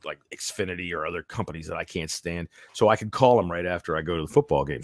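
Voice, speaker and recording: A man's voice: low-pitched, quick pace, no echo, studio quality. A man hosting a sports podcast in casual chat, his voice worn from cheering, rambling and swearing freely. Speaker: podcast host.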